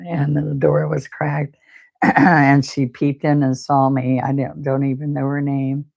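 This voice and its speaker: An older woman, hosting a live painting stream. She talks softly and close to tears, often repeating words as she chats to viewers. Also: a bass voice, vocal fry. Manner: soft-spoken, tearful, repeats words. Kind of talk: casual heartfelt chat to live viewers.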